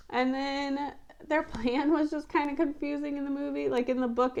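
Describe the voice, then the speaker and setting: A woman vlogger giving casual, animated commentary on a film adaptation, chatty and often exasperated, with lots of fillers. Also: a little high. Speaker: book-to-movie review vlogger.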